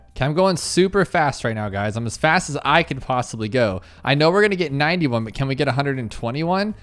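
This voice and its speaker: A man giving excitable commentary to his viewers while playing a video game. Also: mid-range voice, clear, resonant tone. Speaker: gaming YouTuber.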